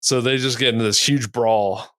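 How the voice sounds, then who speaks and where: A man's voice: medium pitch, fairly even intonation, normal speed, a bit bright, no room sound. A man cohosting a podcast, telling a rambling story in a laid-back, casual way and laughing at his own tales.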